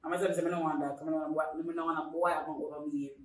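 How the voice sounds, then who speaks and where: A woman's voice: deep voice, level tone, very fast, far from the mic, a little hiss or hum. A young woman co-hosting a podcast in casual chat, rambling with many fillers. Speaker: podcast co-host. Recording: roomy echo, away from the mic.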